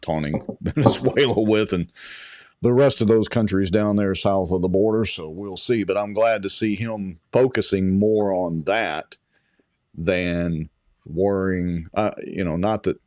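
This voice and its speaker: Low-voiced co-host, measured and sarcastic, dry close sound. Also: male voice, darkish tone, no room sound. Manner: measured, wry, laughs often. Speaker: podcast co-host. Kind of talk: casual political talk.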